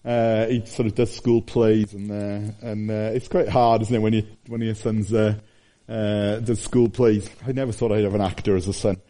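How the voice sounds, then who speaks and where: A man's voice: fairly low pitch, level tone, moderate pace, dark tone. A man in his forties preaching a sermon, telling stories animatedly with fillers and restarts.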